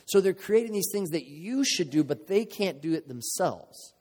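A man's voice: high-pitched, animated, normal speed, a little mellow. A man preaching a sermon as a pastor, earnest and conversational, with emotional moments and playful asides. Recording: long reverb of a large hall.

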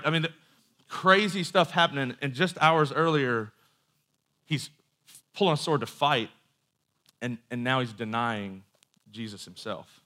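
A man's voice: medium pitch, normal speed, fairly bright tone. A man preaching a sermon in a conversational storytelling way, with asides and quoted voices.

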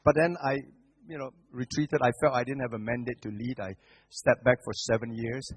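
Husky preacher, animated and emphatic. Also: male voice, medium pitch, normal speed. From Singapore. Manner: animated storytelling, swinging from hushed to loud with frequent restarts. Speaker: guest preacher. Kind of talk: sermon.

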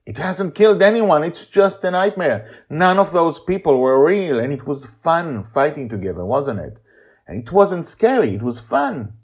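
A man voicing a desperate father in an audio story, urging and commanding loudly to save his daughter. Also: fairly high pitch, big pitch swings, moderate pace, breathy edge, voice pushed up, heavily acted. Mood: urgent. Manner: urgent, commanding, shouting.

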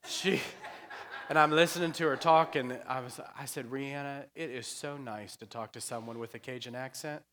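A male pastor delivers a loose, conversational sermon, slipping into humorous asides and laughing along with his congregation. His voice is bright and forceful. It rings with the long reverb of a church sanctuary. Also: mid-range voice, steady tone, fairly quick, few pauses. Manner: chatty, joking asides, laughs often.

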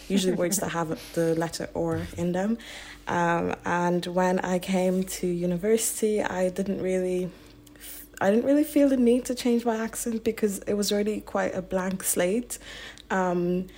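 A young woman from Nigeria who grew up in Ireland, with a soft Irish accent tinged with British, chatting reflectively on a podcast with many ums. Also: lowish voice. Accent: Irish, mixed with some British. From Nigeria, raised in Ireland. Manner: reflective, with frequent ums and restarts. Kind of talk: casual podcast chat.

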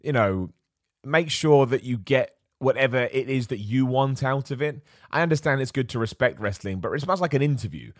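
Male live-stream host, chatty and animated, mid pitch, dry close sound. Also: moderate pace, no room sound. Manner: chatty, animated, laughs often, repeats himself. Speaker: wrestling show host. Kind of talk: casual live-stream commentary.

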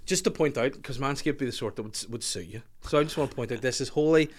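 A man's voice: medium pitch, fast. Guy on a comedy podcast, jokey rambling chat, laughs a lot. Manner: joking, laughs often, playful rambling. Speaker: podcast host.

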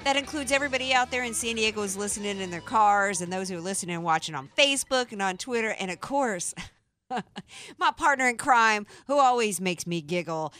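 A woman's voice: mid-range voice, lively intonation, fairly quick, pushed and bright, no echo, soft background music. A woman from the American South hosting a radio talk show, chatty and playful, giggling as she talks. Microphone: studio microphone.

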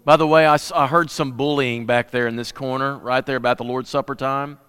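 A man's voice: medium pitch, fairly even intonation, a little fast, fairly bright tone, clean tone. A man preaching a casual, joking sermon with announcements, full of folksy asides and restarts, recorded in a church sanctuary. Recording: church hall reverb.

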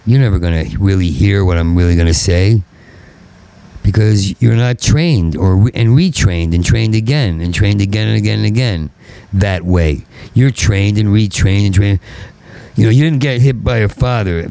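A man's voice: fairly low pitch, normal speed, gravelly, mellow, poor audio. A middle-aged man with a heavy stutter, delivering a rambling, bitter stand-up monologue. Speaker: stand-up comedian.

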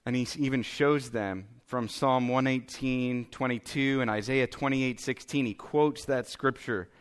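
Pastor, man, 30s; casual conversational sermon delivery, average pitch. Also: steady tone, unhurried, smooth. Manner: conversational, self-deprecating preaching with frequent "okay?" and "right?".

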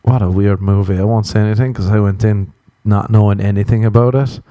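A man riffs through a loose comedic monologue, crude and self-mocking, swearing constantly and drifting from one aside to the next. His voice sits low, with a warm, mellow tone. The sound is dry and close, with no room around it. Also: steady tone, a little fast, dry recording.

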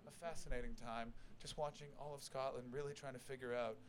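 A man in his thirties doing stand-up crowd work on a club stage, loud, profane and excitable. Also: mid-range voice, a little fast, a little hiss or hum. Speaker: stand-up comedian. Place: comedy club stage, live audience.

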